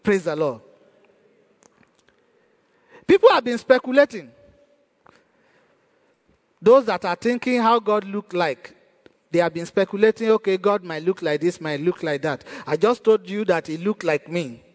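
High-voiced pastor preaching in a hall. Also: male voice, measured pace, pauses often. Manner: preaching with rhetorical questions and refrains of praise. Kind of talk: sermon.

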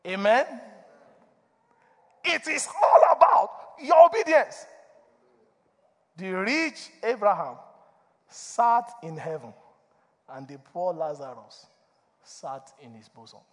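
A man preaching a sermon as a pastor, animated, asking for responses from the congregation and laughing between points. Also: sits high, slow pace, long pauses. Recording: long reverb of a church hall.

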